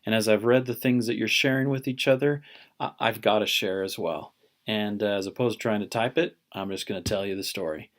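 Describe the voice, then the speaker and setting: A middle-aged man teaching a religion class, telling a personal story in an earnest, halting way with many restarts. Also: lowish voice.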